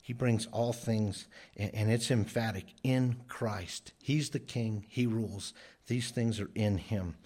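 A man's voice: lowish voice, slow pace, a little mellow. A man preaching a sermon in an earnest, emphatic way, often repeating phrases for stress. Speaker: pastor.

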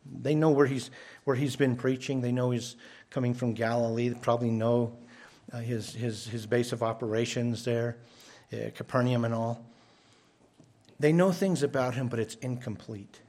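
A man's voice: medium pitch, fairly even intonation, moderate pace, a little mellow. A man preaching an expository sermon as pastor, earnest, restarting and repeating words and rising for emphasis.

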